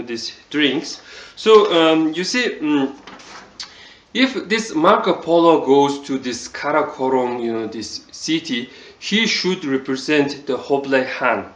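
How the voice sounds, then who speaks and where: A man with a Mongolian accent giving a casual spoken review, halting and full of fillers. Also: fairly high pitch, fairly bright tone, echoey room. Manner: halting, many fillers like "you know, this". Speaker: video reviewer.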